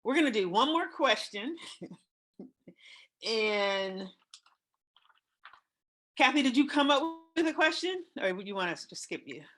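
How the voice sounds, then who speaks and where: A woman in her fifties hosting a casual talk show, telling personal stories in an emotional, expressive way. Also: on the high side, measured pace, pauses often. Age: 50s. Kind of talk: casual chat.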